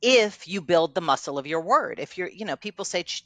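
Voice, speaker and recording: A woman's voice: lowish voice, lively intonation, normal speed, hardly any pauses, a bit bright, no echo. A middle-aged woman coach in a casual conversation, telling stories and acting out quoted lines with animation. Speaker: guest coach.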